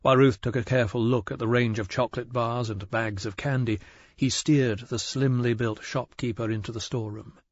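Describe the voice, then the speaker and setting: Male audiobook narrator, measured, husky voice, dry dull recording. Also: mid-range voice, steady tone, no room sound. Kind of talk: scripted narration.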